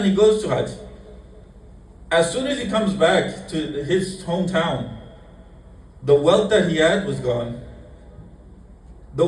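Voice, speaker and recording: A man's voice: a little high, a little hiss or hum. Man preaching in an echoey hall. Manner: tells a story in short broken phrases, acting out quotes softly. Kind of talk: storytelling sermon. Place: mosque hall. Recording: echoey hall, mic at a distance.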